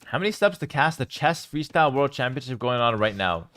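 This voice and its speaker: A young man casting a strategy game live and chatting with his viewers, with sudden bursts of excitement. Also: medium pitch, fairly quick. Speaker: game streamer and caster. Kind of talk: live game commentary with chat.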